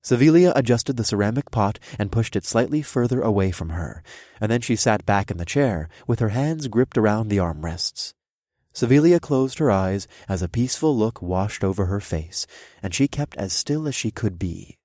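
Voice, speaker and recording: A man reading a first-person fantasy story aloud, with expressive narration. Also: on the low side, moderate pace, no echo, clean studio sound. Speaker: audiobook narrator.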